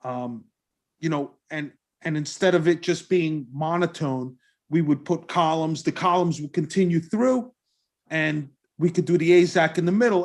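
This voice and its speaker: Eager man pitching a design. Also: a little mellow. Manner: earnest, eager, many restarts. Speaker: applicant presenting a restaurant design. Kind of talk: presentation at a public meeting.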